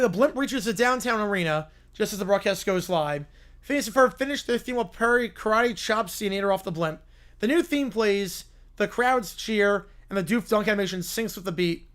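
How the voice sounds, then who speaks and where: A man hosting a live stream who reads out stories and reacts with excitement and laughter. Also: high voice, clear, resonant tone. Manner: animated, laughing. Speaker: streamer host.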